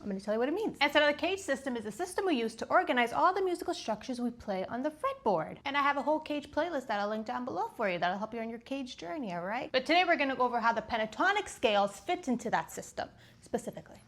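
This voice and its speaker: A woman's voice: high voice, big pitch swings, fast, a bit bright. A woman teaching guitar in a casual, playful video lesson, explaining step by step with a chatty manner.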